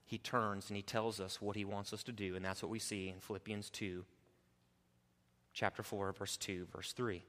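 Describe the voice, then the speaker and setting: A man preaching an expository sermon, moving between quiet explanation and loud, emphatic urging. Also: on the low side, flat delivery, normal speed, long reverb tail. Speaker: pastor.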